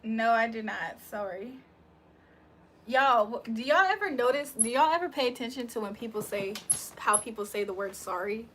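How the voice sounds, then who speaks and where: A woman's voice: a little high, expressive, moderate pace, a bit bright, a little hiss or hum. A young woman hosting a casual livestream, chatting loosely with her viewers, joking and laughing often. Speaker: livestream host reading chat.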